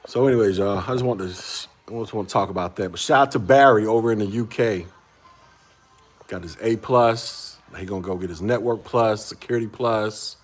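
Soft background music plays as a forties-aged man chats with his livestream audience and reads their messages. He rambles, repeats words, and chuckles a lot, with a slightly rough voice on the low side at a moderate pace.

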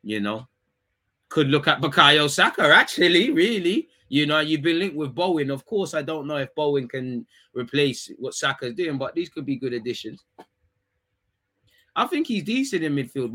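A young man, chatting casually on a live stream, reading comments and teasing his chat in quick, slangy talk. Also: on the high side, bright, forceful tone. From England.

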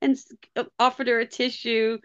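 A woman co-hosting a podcast, chatting casually about a reality show, animated and quick to laugh. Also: a little high, clean tone, muffled recording. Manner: animated, mimics people, laughs often. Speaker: podcast co-host.

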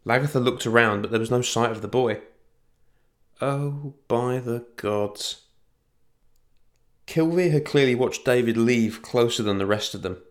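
A man narrating a fantasy story in an even storytelling manner. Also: mid-range voice, a little fast, few pauses.

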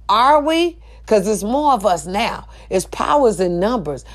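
A middle-aged woman, delivering a fiery, profane monologue that climbs to shouts. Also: medium pitch, big pitch swings, a little slow, hardly any pauses. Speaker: social media host. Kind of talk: impassioned monologue.

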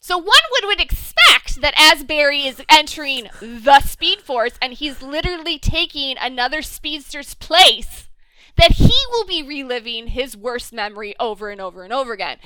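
A woman in casual chat, animated and ranting, swearing freely as she talks. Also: sits high, moderate pace, rough recording.

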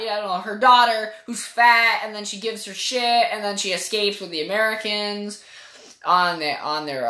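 Woman podcaster, bright forceful voice, swears casually while reviewing a game. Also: high-pitched. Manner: opinionated, profane, rambling. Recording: echoey room.

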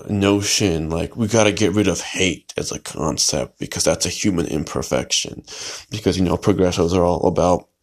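A man hosting a solo podcast, talking in a rambling, hesitant way with many fillers and restarts. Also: sits low. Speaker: podcast host.

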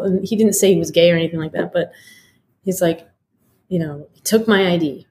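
A woman's voice: fairly low pitch, steady tone, quick pace, mellow, slight background noise. A woman in her forties from Detroit, telling her life story as a guest, frankly, with lots of swearing and fillers. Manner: frank and profane, many fillers. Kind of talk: candid interview storytelling.

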